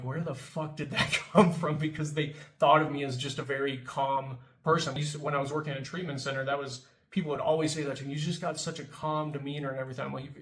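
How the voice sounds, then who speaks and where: In an echoey room on a rough recording, a man with a mid-range, fairly bright voice reflects on anger for his recovery video viewers. He's in recovery from addiction and keeps it conversational, checking in with frequent "right?" tags and casual swearing.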